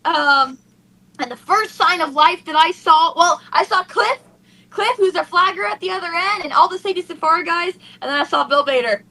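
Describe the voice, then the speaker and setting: A young woman racing driver gushes tearfully in an emotional post-race interview, excited and breathless with emotion. Her voice is very high and she speaks at normal speed, on a low-quality recording with slight background noise.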